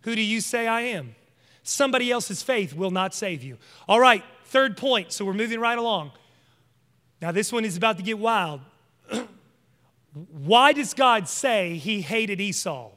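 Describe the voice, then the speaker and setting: Preacher, male, very high and bright voice, long church reverb, emphatic conversational delivery. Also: animated, unhurried. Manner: emphatic, conversational, addresses congregation directly. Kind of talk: sermon.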